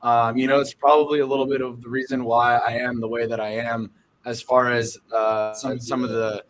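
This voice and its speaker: A man's voice: medium pitch, little pitch movement, moderate pace, loud music behind the voice, poor audio. A young man from Southern California, a professional baseball catcher, answering questions earnestly in a casual podcast interview, with lots of fillers and restarts.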